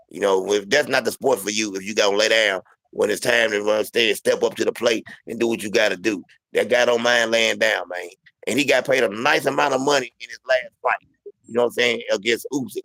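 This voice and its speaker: A man's voice: medium pitch, gravelly, fairly bright tone, no echo, rough recording. A man hosting a casual sports talk show, rambling and repeating himself with lots of "you know what I'm saying".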